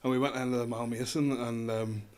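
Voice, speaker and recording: A man's voice: medium pitch, flat delivery, darkish tone. A man, a guest on a casual podcast chat, telling stories in a chatty way. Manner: fast, chatty storyteller.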